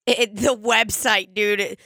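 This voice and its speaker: Bright, giggly podcast co-host. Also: mid-range voice, fairly even intonation, unhurried, no room sound, studio quality. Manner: laughing along, riffing. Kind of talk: casual comedic chat.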